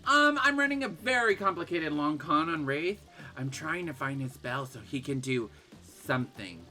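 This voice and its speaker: A woman gaming streamer reads game text aloud and reacts loudly, laughing and shrieking at each surprise. Her pitch jumps around a lot and her voice is bright and forceful. Game music plays faintly behind. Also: expressive, normal speed. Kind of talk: let's-play commentary, reading game text aloud.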